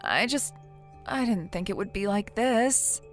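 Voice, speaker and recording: A woman's voice: medium pitch, lively intonation, a little slow, soft background music, lightly acted. A woman voicing a self-pitying young wife in a text-message story, pleading and defensive. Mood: dejected.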